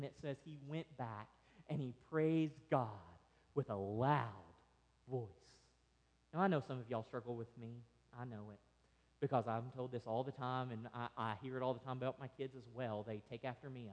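A male pastor preaching a sermon, swinging between loud excitement and soft quiet. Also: mid-range voice, moderate pace, highs cut off. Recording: long hall reverb.

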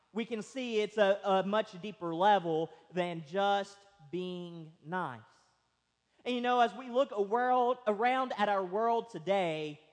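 A pastor preaching a slow, emphatic sermon in a church, his voice rising loud and dropping quiet. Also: high-pitched. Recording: long reverb of a large hall.

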